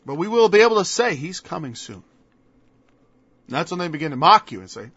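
A man's voice: on the high side, big pitch swings, a little fast, pauses often, fairly bright tone, husky, dry recording. A man preaching a sermon in an emphatic style, firing off mocking rhetorical questions. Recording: dull lo-fi dry recording.

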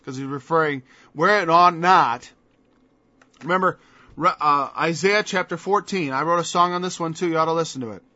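A man's voice: a little high, moderate pace, pushed and bright, no echo. A man preaching a sermon in an emphatic style, firing off mocking rhetorical questions. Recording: dull lo-fi dry recording.

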